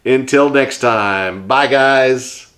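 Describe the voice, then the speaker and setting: A man's voice: mid-range voice, very slow, fairly bright tone. A man hosting a hands-on craft tutorial, chatting and explaining each step while he works with his hands. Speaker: host and puppet maker.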